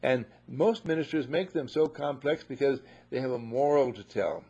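A man preaches to a live audience in a husky voice of middle pitch, animated and quick to act out the people in his stories. The sound is a dull, lo-fi recording. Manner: animated, acts out voices, repeats "you see". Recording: muffled lo-fi recording.

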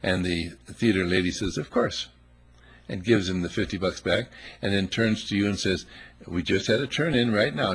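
A man preaches a sermon emphatically, firing off rhetorical questions and acting out little scenes along the way. His voice sits low and is slightly rough, at a moderate pace.

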